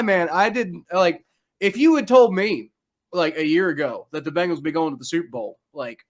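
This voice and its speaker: A young man hosting a casual sports podcast, talking excitedly and rambling with many restarts. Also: on the high side, moderate pace. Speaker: podcast host.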